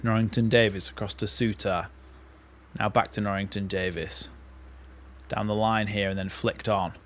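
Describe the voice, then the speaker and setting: A man's voice: lowish voice, moderate pace, slight background noise. A man hosting a live football watchalong, calling the play and reacting as a fan. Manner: excitable fan commentary, calls play by play. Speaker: watchalong host.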